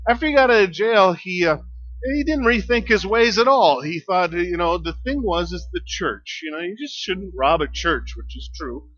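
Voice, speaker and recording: High-pitched and animated, this man preaches as a pastor at a moderate pace, his tone a bit bright. His sermon is chatty storytelling packed with fillers and chuckles, captured in dull lo-fi sound.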